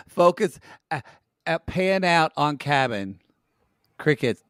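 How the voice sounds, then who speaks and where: Brief: male podcast co-host, riffing, lively swoops in pitch, slightly high, dry close mic. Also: takes it slowly, clear, resonant tone, dry recording. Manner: playful, riffing, addresses listeners as y'all. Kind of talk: casual comedic chat.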